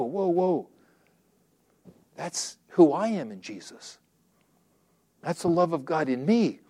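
A man's voice: on the high side, darkish tone. A man preaching a sermon in a conversational, folksy way, acting out quotes and repeating phrases for emphasis. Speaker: pastor.

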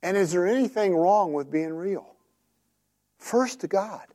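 A male preacher with a slightly high, mellow voice delivers his sermon like a friendly conversation, telling stories and repeatedly asking his listeners questions. He sounds easy and unforced, expressive, and a little slow.

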